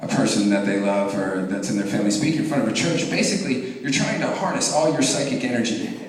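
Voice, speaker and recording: On a comedy club stage, a thirtysomething man delivers fast, profane stand-up in a fairly low voice, acting out voices as he spins animated stories for a live audience. The recording sounds distant and echoey, like a big hall.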